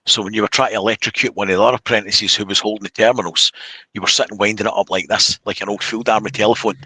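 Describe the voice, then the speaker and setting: Blunt man, bright low voice. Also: steady tone, racing, breathy edge, no room sound, poor audio. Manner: blunt, opinionated, joking banter. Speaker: podcast host. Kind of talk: casual live-stream chat.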